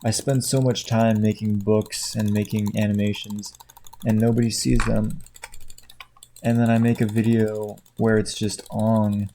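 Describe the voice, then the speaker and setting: A man chatting casually at his computer at home, tired, quiet and rambling, laughing often. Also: on the low side, flat delivery, unhurried, slight background noise. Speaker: video creator. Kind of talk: casual chat while clicking at a computer. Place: at home indoors.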